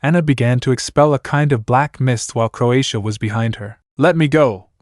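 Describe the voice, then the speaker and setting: A man's voice: medium pitch, a little fast, no echo, clean studio sound. Man reading a fan story aloud. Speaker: narrator.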